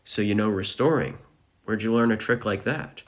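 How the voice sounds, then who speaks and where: A man voicing a warm-hearted old male slave in a manga recap. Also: lowish voice, moderate pace, natural voice. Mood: curious.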